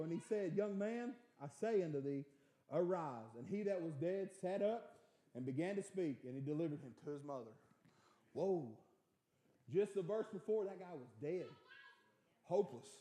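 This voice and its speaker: A man preaching a sermon in a church, swinging from shouted preaching to quiet, soft-spoken storytelling, often repeating and restarting words. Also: sits high. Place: church sanctuary.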